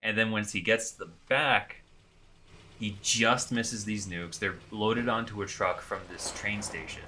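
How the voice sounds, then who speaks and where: A man co-hosting a podcast, recapping a video game in animated, sarcastic casual chat. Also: fairly low pitch, a little slow. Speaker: podcast co-host.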